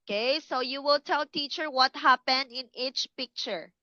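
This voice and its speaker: A woman teaching English to young children, speaking slowly and clearly and encouraging them to repeat words. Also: high-pitched, pushed and bright, dry recording, lo-fi sound. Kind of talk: online class for kids.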